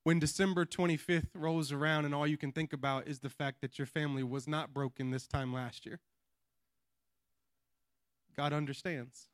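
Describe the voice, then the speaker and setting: A male pastor preaching a sermon in church, telling a family story with lively animation and often dropping to a hush before building up to a shout, with repeated asides like "watch this.". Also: on the high side, normal speed, no room sound, studio quality. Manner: repeats catchphrases like "watch this" and "you know what I mean".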